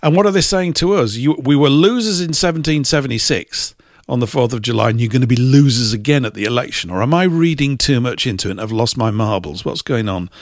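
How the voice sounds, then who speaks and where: A man's voice: mid-range voice, lively intonation, fast talker, dry recording, clean studio sound. A man hosting a casual podcast chat, talking in a chatty way, laughing often and reading out viewer comments. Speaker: host.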